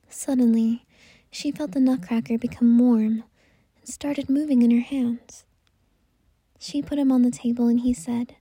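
A woman tells a bedtime story in a gentle, unhurried voice that often drops to a whisper. Her tone is deeply mellow and breathy, and pitched a little high. The sound is close and dry. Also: steady tone, dry recording.

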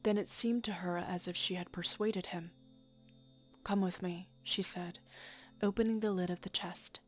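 A woman reading a fairy tale aloud in a soft, often half-whispered voice. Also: on the low side, fairly even intonation, normal speed, faint music behind. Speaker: storyteller.

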